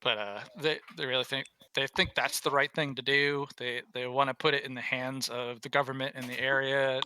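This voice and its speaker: A man's voice: mid-range voice, fairly even intonation, a little fast, bright, forceful tone, clean tone, rough recording. A man narrating as game master in a rambling, self-correcting way.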